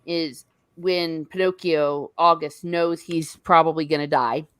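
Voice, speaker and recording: Lower-voiced woman chatting, dry mic, eager about scenes. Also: steady tone, a little slow, fairly bright tone, clean tone, no room sound. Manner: enthusiastic, retells scenes in detail. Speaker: podcast co-host. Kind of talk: casual chat.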